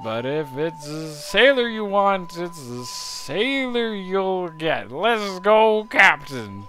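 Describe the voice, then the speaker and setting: A boozy old sailor slurs his words in a higher, strained register that sits far from an everyday voice, as a man puts him on. He drawls as he reads out a video game's dialogue, with game music behind. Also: sing-song, slow, sharp tone, exaggerated voice. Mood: boozy, wistful. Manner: slurred drunk voice. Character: drunken old male sailor helmsman.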